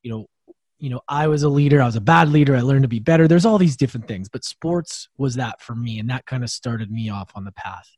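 A man's voice: mid-range voice, expressive, quick pace, darkish tone, no room sound. A man hosting an interview, chatting in a laid-back, rambling way full of "like" and "bro". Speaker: podcast host. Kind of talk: casual interview chat.

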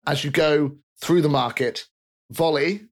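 Man, game master, casual narration, brisk, tabletop game. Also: a little high.

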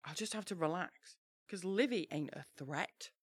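A woman co-hosting a casual chat, reading from her old teenage diary with lively, laughing energy. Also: lowish voice, moderate pace, slightly rough, no room sound. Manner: animated, laughs easily, reads aloud in bursts.

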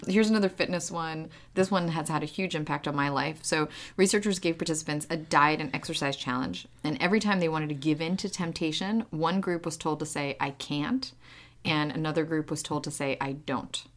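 Woman, deep low voice, podcast co-host, casual chat, explains research conversationally. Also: fairly quick, hardly any pauses.

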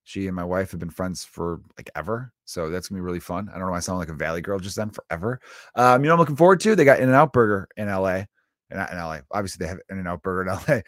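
A stand-up comedian in his thirties talks on his own in a low-pitched voice, drifting from story to story with plenty of swearing and filler words. The sound is close and dry, with no room echo. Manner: rambling and profane, with frequent fillers. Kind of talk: casual solo podcast monologue.

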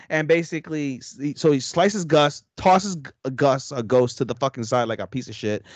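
A man's voice: fairly high pitch, moderate pace, few pauses, no echo. A young man co-hosting a podcast, rambling through an anime plot recap with lots of swearing and fillers. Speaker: podcast co-host. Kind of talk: casual anime review chat.

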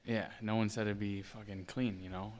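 A young man who is a guest on a casual podcast, teasing the host in a wry way and trailing off quietly at the ends of his lines. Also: fairly low pitch, little pitch movement, a little fast, slight background noise.

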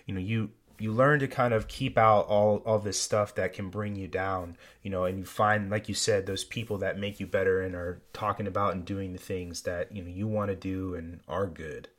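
A man hosting a podcast who talks in a relaxed, reflective way with many "you know"s. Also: sits low, normal speed, few pauses. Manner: relaxed, reflective, filler-heavy. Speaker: podcast host. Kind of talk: casual chat.

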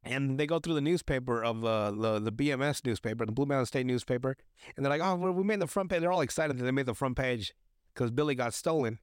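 This podcast host is a young man with a medium-pitched, clean voice who talks fast. He recaps a TV episode crudely and casually, swearing a lot, using fillers, and rambling through many restarts. The sound is dry and clean, like a studio.

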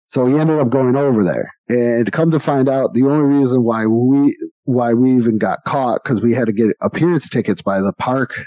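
A man's voice: mid-range voice, mellow, no echo. Man in his forties, rambling storyteller. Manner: rambling, laughing anecdotes. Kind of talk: casual storytelling. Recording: dull lo-fi dry recording.

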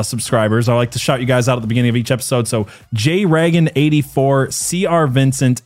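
A man's voice: mid-range voice, darkish tone. Chatty, jokey man hosting a podcast. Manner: jokey, chatty, laughs often. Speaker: podcast host. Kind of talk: casual podcast chat.

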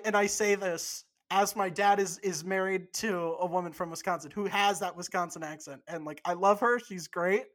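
Loose and meandering, the co-host's talk on this podcast is laid-back and off the cuff, with offhand cursing and a voice pitched in the middle range.

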